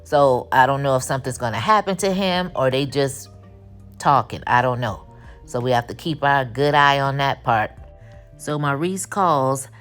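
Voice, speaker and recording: A woman with a Black way of speaking, recapping a TV episode in casual, animated chat and acting out the characters' lines with attitude. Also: extremely low pitch, moderate pace, soft background music. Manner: animated, acts out quotes with attitude. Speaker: TV recap host.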